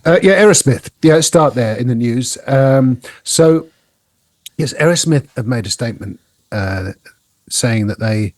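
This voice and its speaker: Husky, rambling man. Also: medium pitch, no room sound. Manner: rambling, halting, many fillers and restarts. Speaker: podcast co-host. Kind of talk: casual chat.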